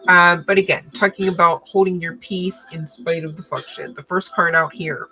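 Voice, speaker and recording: A woman's voice: lowish voice, fairly even intonation, moderate pace, few pauses, pushed and bright, low-quality recording. A woman giving a casual tarot reading, chatty and slangy, swearing freely and peppering her talk with fillers. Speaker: tarot reader.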